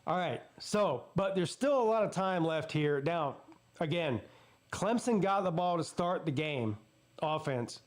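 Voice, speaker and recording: A man with a Southern US accent hosting a live watch-party stream, calling plays excitedly and jumping up in pitch on big plays. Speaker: sports streamer host.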